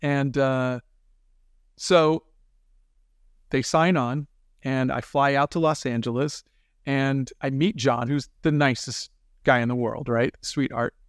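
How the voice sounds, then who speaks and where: Animated man telling stories, clear voice. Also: medium pitch, slow, long pauses, no echo, studio quality. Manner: animated anecdotes with quoted voices. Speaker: guest, animator and film director. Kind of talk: casual interview storytelling.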